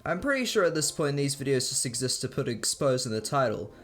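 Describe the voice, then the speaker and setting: A man's voice: mid-range voice, very animated, a little fast, fairly bright tone. A young man narrating scripted commentary in a sarcastic, profane way. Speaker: video commentator.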